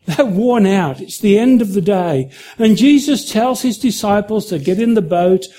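A man's voice: high voice, animated, moderate pace, mellow. A man preaching a sermon, telling a story in an earnest way with small restarts.

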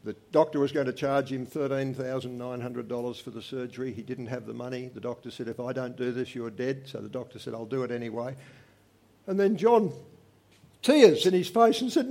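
An older man, giving an earnest personal testimony to a church congregation, swinging from animated to quiet. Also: medium pitch, brisk, gravelly.

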